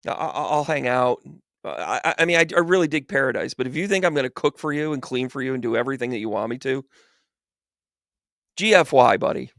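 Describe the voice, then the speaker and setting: A man's voice: mid-range voice, lively intonation, brisk, creaky, a bit bright, dry recording, studio quality. A man voicing Lilith as a sassy, defiant first woman who refuses to serve her man. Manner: sassy, dismissive.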